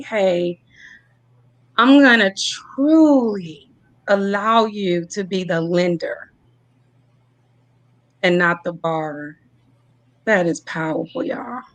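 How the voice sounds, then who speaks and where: A woman's voice: medium pitch, slow, long pauses, a bit bright, no room sound. A woman from Tennessee, speaking effusively to viewers on a video call as she hosts a live-stream announcement. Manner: effusive, laughing, addresses viewers as y'all. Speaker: host announcing her new venture.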